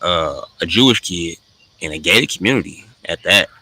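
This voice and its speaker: Bright-voiced opinionated man. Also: sits low, normal speed, husky, no echo, low-quality recording. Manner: animated, opinionated, with emphatic rises. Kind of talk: casual chat.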